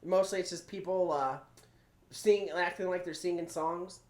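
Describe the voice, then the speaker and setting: A man's voice: sits high, fairly even intonation, moderate pace, a little mellow. Casual male podcast host, laid-back and loose, recorded in an echoey room. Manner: laid-back, swears, laughs often. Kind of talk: casual chat.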